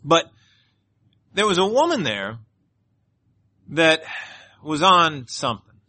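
Bright-voiced male pastor telling stories. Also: a little high, slow. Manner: animated storyteller, earnest preaching, closes in prayer. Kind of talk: sermon with personal storytelling.

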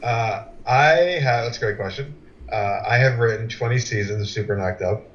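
A man's voice: lowish voice, normal speed, a bit bright. Hesitant man with muffled sound. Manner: hesitant, filler-heavy. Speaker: podcast co-host and show writer. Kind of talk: casual chat.

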